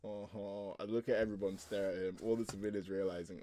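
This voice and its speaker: A young man with a voice on the low side gets excited and laughs easily while reacting casually to a manga chapter, talking loosely with lots of fillers. There's slight background noise.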